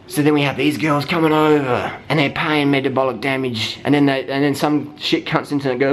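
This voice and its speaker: A man's voice: medium pitch, steady tone, brisk, hardly any pauses. A man ranting heatedly, swearing constantly and mimicking people in mocking voices. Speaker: vlogger. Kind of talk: profane rant.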